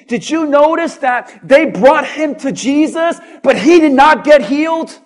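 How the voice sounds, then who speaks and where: A man preaching in a church with a very high voice. He speaks slowly and leans on repeated lines, climbing toward a shout at times. His delivery is that of a pastor working a congregation. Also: expressive. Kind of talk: sermon.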